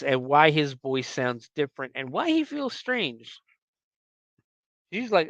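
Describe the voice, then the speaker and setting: A man's voice: a little high, very animated, slow, bright, forceful tone, dry recording, rough recording. A man hosting a podcast, recapping a movie in a casual, rambling way with many fillers and self-corrections. He acts out the characters' lines along the way. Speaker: podcast host.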